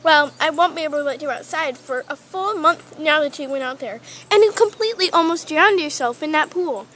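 A woman's voice: high-pitched, animated, fairly quick, a bit bright, a little hiss or hum. A woman playing a stern young female pet owner who scolds her pet, in a toy role-play video.

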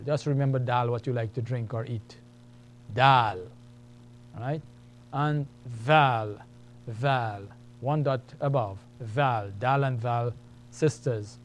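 A man's voice: mid-range voice, a little mellow. A man teaching the Arabic alphabet, patiently repeating each letter's sound several times. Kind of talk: slow alphabet lesson with drilled sounds. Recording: faint mains hum.

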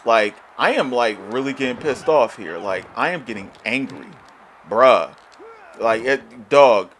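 A man's voice: medium pitch, animated, unhurried, fairly bright tone, slight background noise. A young man giving profane, frustrated let's-play commentary on a wrestling video game, ranting and swearing as he plays. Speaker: gaming YouTuber.

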